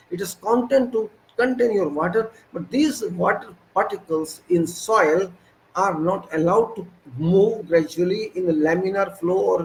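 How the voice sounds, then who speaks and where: High-voiced engineering lecturer. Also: male voice, creaky, a little mellow, slight background noise, low-quality recording. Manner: emphatic, scolding with rhetorical questions. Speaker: engineering instructor. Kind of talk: lecture on construction practice.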